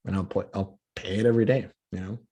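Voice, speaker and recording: Gravelly, impassioned man from Colombia. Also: low voice, fairly even intonation, fast, mellow. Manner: impassioned, piling up repeated words as he builds a point. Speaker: podcast guest, comedian. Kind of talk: casual conversation.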